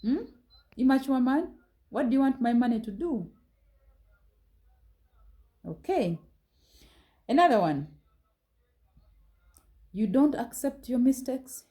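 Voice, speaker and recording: A woman's voice: high-pitched, expressive, slow, long pauses, dark tone, rough recording. A woman giving a talk on relationships, direct and reproving, firing pointed rhetorical questions at her listeners. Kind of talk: scolding motivational talk.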